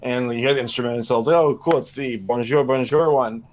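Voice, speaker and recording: A man's voice: mid-range voice, fast, a little mellow, a little hiss or hum. A man on a podcast telling a story in a casual, mocking way.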